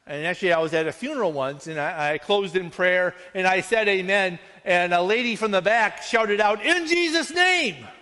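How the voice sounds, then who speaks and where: A man preaching a sermon as pastor, earnest and conversational, often checking in with his listeners with a quick "right?". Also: sits high, steady tone, pushed and bright, in a large hall.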